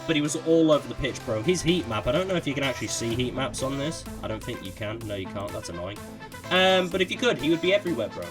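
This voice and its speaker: A man in his twenties giving casual, opinionated player ratings in slangy chat. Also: fairly high pitch. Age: 20s. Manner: slangy and opinionated, lots of "bro". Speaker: gaming YouTuber rating players.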